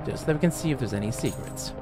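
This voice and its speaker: Over loud music, a mid-range male voice talks fast with lively intonation. He streams a game live in a rambling, jokey style, chatting with the characters on screen.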